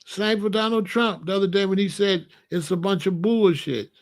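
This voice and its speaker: Blunt, high-voiced man ranting to viewers. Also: normal speed. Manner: blunt, emphatic, talks straight to viewers. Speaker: commentator. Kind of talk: casual political commentary.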